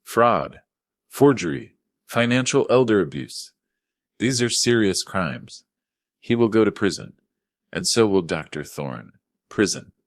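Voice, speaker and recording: A man voicing a stern middle-aged lawyer, urgent and forceful. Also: on the low side, very animated, measured pace, long pauses, no echo, clean studio sound, pitched above the performer's own voice. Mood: firm.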